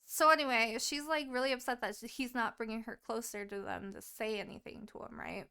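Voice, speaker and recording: Gravelly-voiced woman retelling a plot. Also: on the high side, a little fast. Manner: animated, profane plot retelling. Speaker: podcast co-host. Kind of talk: casual book chat.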